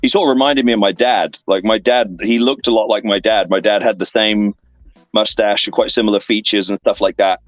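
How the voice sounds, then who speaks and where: Brisk and low-pitched, a professional wrestler from England in his thirties rambles casually about backstage life during an online interview stream, leaning on fillers and lively voiced asides. The recording is dry and lo-fi.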